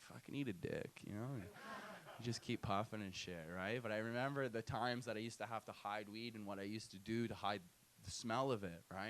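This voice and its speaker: A man's voice: medium pitch, a bit bright. A young adult man doing a stand-up set and hosting a comedy night, telling a loose, profane story full of "right?" tags. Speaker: stand-up comic and show host. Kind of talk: stand-up set with crowd work. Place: comedy night venue with live audience.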